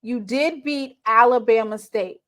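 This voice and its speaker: A woman's voice: fairly high pitch, unhurried, fairly bright tone. A woman hosting a sports talk show, laying out a team's record and pressing a guest with pointed questions. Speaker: host.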